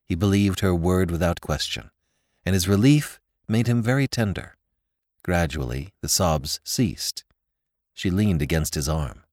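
A man narrating a classic story with an expressive, dramatic reading. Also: low-pitched, measured pace, no room sound, studio quality.

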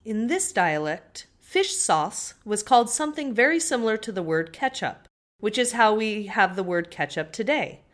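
A woman's voice: medium pitch, expressive, moderate pace, fairly bright tone. A woman co-hosting a food history podcast, reading her scripted parts in a matter-of-fact way. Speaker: podcast co-host. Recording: faint music underneath.

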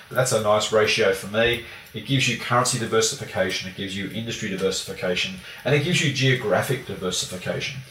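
An Australian man speaks quickly as a guest, scattering fillers through a brisk explanation. His voice sits low. The sound is roomy and a bit distant from the mic, with faint noise underneath. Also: fairly bright tone. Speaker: guest analyst. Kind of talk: conversational explanation.

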